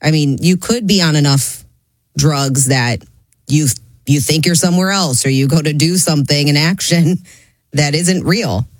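A woman's voice: low voice, measured pace, dry recording. A woman on a radio show chatting casually, telling a loose, chatty anecdote.

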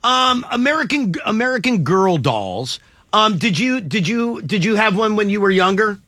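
A man's voice: high voice, sing-song, moderate pace, sharp tone, dry recording. A man hosting a morning radio phone-in show, chatting playfully and laughing often with a caller, in a studio. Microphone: studio mic.

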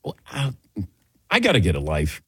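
A man's voice: on the low side, moderate pace, slightly rough, no room sound. A middle-aged man from the American Midwest hosting a sports radio show, joking and laughing easily as he tells stories. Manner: jokey, laughs easily, animated storytelling.

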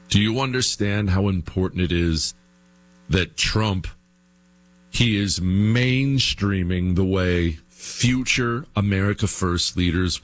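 A man hosting a radio talk show, with a voice of ordinary pitch. He delivers a political monologue straight to his listeners. He hammers his points home by repeating himself. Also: fairly bright tone. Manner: emphatic, repetitive, addresses listeners directly.

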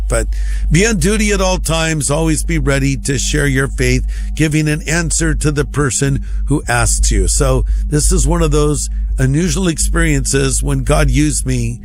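A man's voice: medium pitch, expressive, moderate pace, soft background music. A middle-aged male pastor telling a humorous personal story, acting out the dialogue in a dry, droll way.

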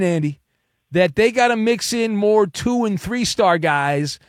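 A man's voice: sits high, animated, measured pace, no room sound, studio quality. A man hosting a sports radio call-in show, teasing callers in a joking way.

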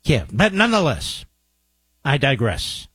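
A man's voice: medium pitch, huge pitch swings, unhurried, fairly bright tone, husky, no echo. A man hosting a talk radio show, delivering a combative, sarcastic monologue with mocking asides to his producer. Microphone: studio microphone.

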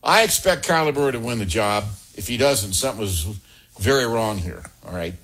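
A middle-aged man with a husky voice delivers an opinionated sports talk monologue. He is blunt and sarcastic and leans hard on his opinions with emphatic asides. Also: mid-range voice, animated, fairly quick, fairly bright tone. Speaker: sports commentator.

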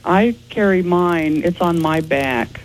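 A man's voice: on the high side, takes it slowly, slight background noise, poor audio. A man answering interview questions as a ghost investigator, explaining in a matter-of-fact way.

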